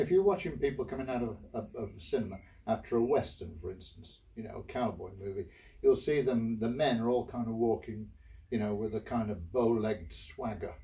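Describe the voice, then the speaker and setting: A man's voice: mid-range voice, dark tone, distant mic, poor audio. A man, a bishop giving a chatty storytelling homily, full of asides to the listener. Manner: conversational, restarts, asides to listener.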